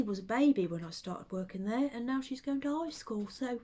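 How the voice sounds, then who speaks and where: A woman chatting casually to camera at home, rambling with hesitant ums and soft under-breath asides. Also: fairly high pitch, lively intonation, fairly quick. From United Kingdom. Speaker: vlogger and full-time teddy bear maker.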